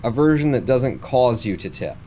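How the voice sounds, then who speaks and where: A man's voice: medium pitch, animated, normal speed, warm tone, a little hiss or hum. A man streaming a space game live, muttering and swearing at the game with sarcastic frustration. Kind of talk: live gameplay commentary.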